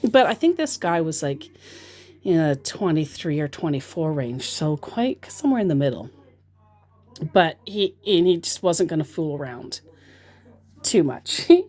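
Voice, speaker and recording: A woman telling stories of her chats with scammers in a casual vlog, wry and joking, with many pauses and fillers. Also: low-pitched, a little mellow.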